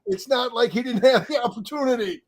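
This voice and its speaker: A man co-hosting a casual chat, rambling excitedly and restarting his sentences. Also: very high-pitched, a little fast. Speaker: co-host.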